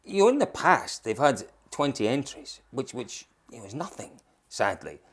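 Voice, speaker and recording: A man's voice: medium pitch, breathy edge. A Scottish man co-hosting rally news, teasing and bantering in a casual chat. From Scotland. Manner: lively, teasing, quick with banter.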